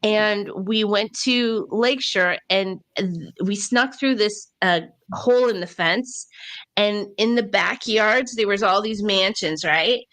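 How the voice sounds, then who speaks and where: A woman co-hosting a podcast, telling a story in a casual, animated way with laughs and acted-out quotes. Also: medium pitch, takes it slowly. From Ontario, Canada. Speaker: podcast co-host.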